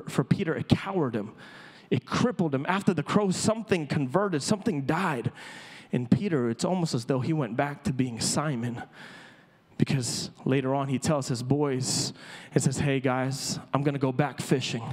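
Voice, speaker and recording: A man preaching a sermon as a pastor, storytelling with emphasis and dramatic pauses. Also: medium pitch, a little mellow, slightly rough. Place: church auditorium. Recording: echoey church hall.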